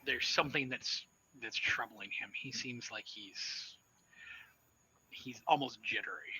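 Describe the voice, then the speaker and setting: A man narrating as storyteller in a tabletop role-playing game, slow and hesitant, with many fillers. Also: mid-range voice, sharp tone, husky, poor audio.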